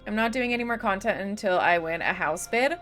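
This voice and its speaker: A woman's voice: medium pitch, a little fast, a bit bright. A chatty young woman live-streaming a game, talking casually to her viewers. She swears freely and fills her talk with fillers and laughs. Faint game music runs underneath.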